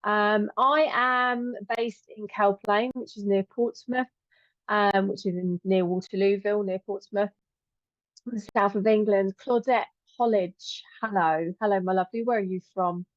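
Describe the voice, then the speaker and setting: A woman's voice: mid-range voice, fairly even intonation, a little slow, no room sound, lo-fi sound. A middle-aged woman hosting a live stream, chatting affectionately as she greets viewers and calls them "my lovely". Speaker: host and angel teacher.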